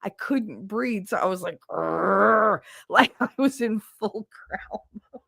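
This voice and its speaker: A woman's voice: medium pitch, lively intonation, measured pace, a bit bright, slightly rough, dry recording, clean studio sound. A woman with a son, hosting a stream and chatting casually and bluntly, swearing often and laughing a lot, on a desk mic on an arm. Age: adult with a son. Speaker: streamer and podcast host. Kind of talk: casual chat with live chat. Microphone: desk mic on a standing arm.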